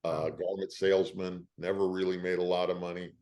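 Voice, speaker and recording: An older man, an actor, telling stories in an interview with a lively, emotional delivery. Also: deep voice, fairly quick. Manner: lively storyteller, emotional at times. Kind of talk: animated anecdotes.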